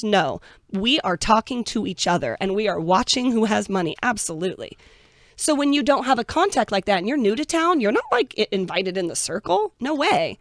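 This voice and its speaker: A woman's voice: mid-range voice, very animated, fairly quick, no echo, studio quality. Frank woman telling her story bluntly. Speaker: guest. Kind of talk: candid interview talk.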